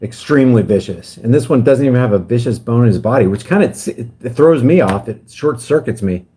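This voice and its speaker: A man's voice: medium pitch, expressive, a little fast, dark tone, slight background noise. A man talking casually on a livestream, rambling and getting heated. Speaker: guest livestreamer.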